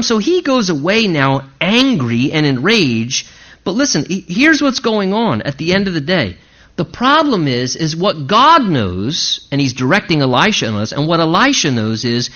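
A man delivers a sermon with a high, bright voice that swings widely in pitch. He preaches with animation and sometimes mimics an outraged listener. The recording sounds dull and lo-fi. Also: very animated, measured pace. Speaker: pastor.

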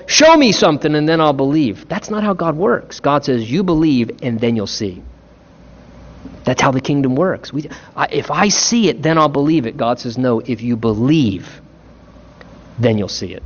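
High-voiced man preaching earnestly. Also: highs cut off. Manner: earnest, emphatic preaching with acted-out quotes. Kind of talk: sermon.

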